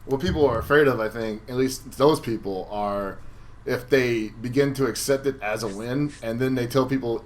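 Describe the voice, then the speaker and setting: A man's voice: mid-range voice, moderate pace. Joking podcast co-host with noisy background, man. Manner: joking, laid-back banter. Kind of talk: casual chat.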